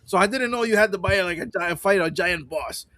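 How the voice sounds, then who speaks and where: A man's voice: sits high, brisk, pushed and bright, no echo. A man co-hosting a casual gaming podcast, talking in a loose, rambling way with plenty of swearing. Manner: loose and profane, rambling asides. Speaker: podcast co-host. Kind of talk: casual livestream chat.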